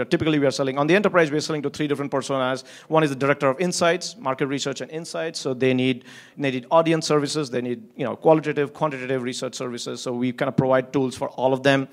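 A man who runs a company, talking casually in an interview, candid and profane, with frequent restarts and a habit of chuckling through his stories. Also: on the high side. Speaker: company founder and CEO.

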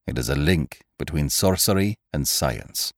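A man's voice: very deep voice, animated, no echo, studio quality. A man voicing a stern, grave elderly doctor in an audiobook reading. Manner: grave, deliberate. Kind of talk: audiobook character voice.

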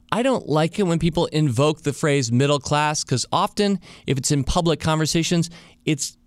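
A man hosting a podcast alone. He talks casually and thinks out loud, and he asks many rhetorical questions. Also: a little high, dry recording, studio quality. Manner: reflective, full of rhetorical questions. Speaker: podcast host. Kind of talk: casual solo monologue.

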